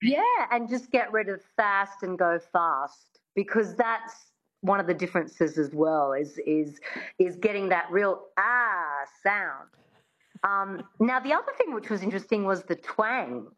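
A woman's voice: medium pitch, expressive. Woman from Australia, dialect coach, patient demonstrative teaching, slightly muffled dull sound. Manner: demonstrative, slows down to model sounds. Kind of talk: teaching an accent in an interview.

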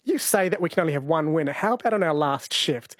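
A man's voice: on the high side, animated, fast, no room sound. A man hosting an overnight radio show, chatting playfully with his co-host in the studio. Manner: playful, easy-going banter. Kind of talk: casual radio chat. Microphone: studio microphone.

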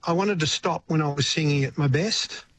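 Older Australian man, relaxed and reflective. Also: a little high, normal speed, a little hiss or hum. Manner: reflective, rambling with frequent restarts. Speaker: retired singer-songwriter guest. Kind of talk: radio interview.

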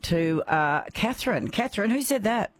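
A woman hosting a radio phone-in quiz, chatty and quick to laugh. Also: mid-range voice, lively intonation, no echo. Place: radio studio.

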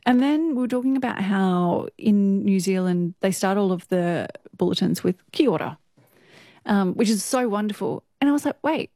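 A woman's voice: mid-range voice, expressive, moderate pace, mellow, no room sound, clean studio sound. A young Australian woman telling stories as an interview guest, chatty and laughing often, full of "like" fillers. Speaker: interview guest, news presenter. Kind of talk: casual storytelling interview.

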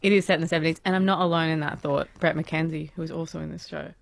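A woman's voice: low-pitched, steady tone, rapid-fire, gravelly. A woman, chatting enthusiastically about a TV show as a podcast co-host. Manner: enthusiastic, chatty, laughs often. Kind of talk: casual chat.

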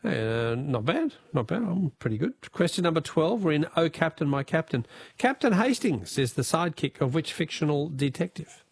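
A man running a radio quiz and reading out messages, jokey and upbeat. His voice is fairly high and swoops a lot, with a husky grain to it. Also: very animated, normal speed, no room sound. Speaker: radio host.

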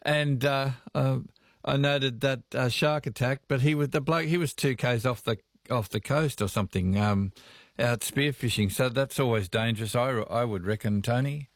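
A man's voice: medium pitch, normal speed, dry recording, clean studio sound. A man with an Australian accent hosting talkback radio and chatting with callers in a friendly, easygoing way. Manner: friendly, chatty, says mate and reckon. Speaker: radio host. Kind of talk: casual talkback radio chat.

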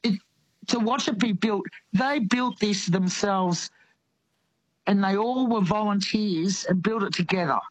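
An Australian woman calling in to a radio talk show, speaking slowly and earnestly, often repeating her words. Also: medium pitch, dry recording, low-quality recording. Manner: slow, heartfelt, repeats words. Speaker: caller. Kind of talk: radio call-in chat.

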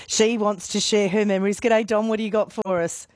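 A woman hosts breakfast talk radio in a chatty, emotional way. Her voice sits at a middle pitch, recorded dry and close with no room sound. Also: steady tone, fairly quick, a little mellow, no echo. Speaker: radio host.

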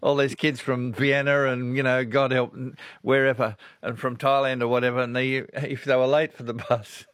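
A man's voice: medium pitch, little pitch movement, normal speed, few pauses, a bit bright, no echo. Older Aussie radio host, folksy and chatty, laughs through his stories, dry close-miked studio sound. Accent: Australian. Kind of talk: casual talkback radio chat.

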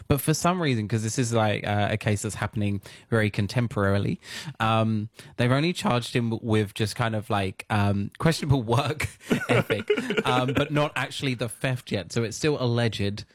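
An Australian man co-hosting a casual chat show, his voice sitting in a middle pitch. He tells stories with plenty of laughs. The sound is dry and close. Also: moderate pace, no echo. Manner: chatty, laughing, puts on voices for quotes. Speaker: co-host.

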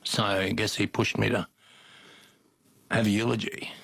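Older Aussie bloke, slightly low and husky, spins yarns with a chuckle. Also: male voice, little pitch movement, unhurried, fairly bright tone. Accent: Australian. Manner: folksy yarn-spinning, chuckles often. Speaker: interview guest. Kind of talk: casual storytelling.

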